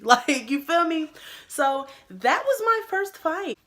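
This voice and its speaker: A young woman vlogger telling a story in casual, slangy chat, animated and acting out her own quotes. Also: sits high, takes it slowly. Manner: animated, acts out quotes in a louder voice; slangy, lots of "like" and "bro". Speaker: YouTuber.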